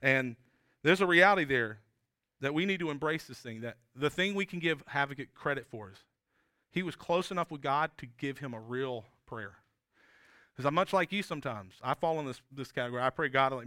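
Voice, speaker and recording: A man's voice: a little high, brisk, bright, forceful tone, clean tone, no room sound, clean studio sound. A man preaching a sermon as pastor, talking in an earnest, conversational way with frequent restarts and tag questions.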